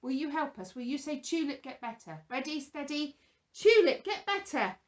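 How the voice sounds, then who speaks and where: A woman presenting a children's Bible lesson, talking gently and with exaggerated feeling to toddlers and a puppet. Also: high voice, a little fast.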